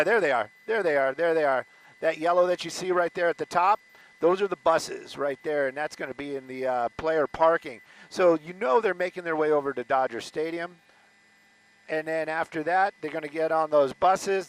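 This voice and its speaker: A man's voice: on the high side, rough recording. A man doing loose, rambling live commentary as a helicopter news reporter, often stopping and restarting mid-sentence. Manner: loose, rambling, self-interrupting. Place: news helicopter over a stadium.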